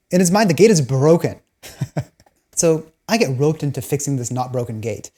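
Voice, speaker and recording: A woman's voice: low voice, lively intonation, brisk, warm tone. A woman hosting a video, explaining personality types through laid-back, jokey stories and laughing between lines. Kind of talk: casual storytelling monologue.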